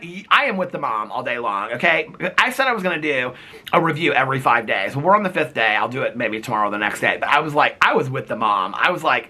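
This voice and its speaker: A man chatting casually in a vlog, animated and playful, laughing often, recorded outdoors in the cold. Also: medium pitch, brisk, husky. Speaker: vlogger.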